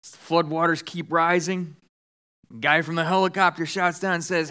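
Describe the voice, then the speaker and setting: A man preaching a sermon as pastor, telling a joke with lively voices for the characters in a church sanctuary. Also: on the high side, moderate pace, clean tone. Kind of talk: sermon with storytelling.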